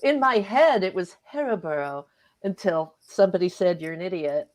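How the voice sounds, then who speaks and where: A woman author talking easily on a radio interview, her voice sitting a little low. She's chatty, laughs a lot, and slips into quick little voices when she retells what she once said or thought. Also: lively intonation, darkish tone. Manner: chatty, laughs often, acts out her own past remarks. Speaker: author guest. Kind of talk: casual interview chat.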